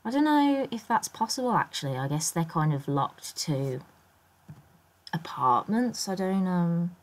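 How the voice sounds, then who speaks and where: A low-voiced woman talks over a game build in a loose, rambling way, stopping often with ums while she thinks aloud. Her voice is croaky, as it often is first thing in the morning. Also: expressive, a little slow. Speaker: Sims builder and YouTuber. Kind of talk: casual voice-over commentary on a speed build.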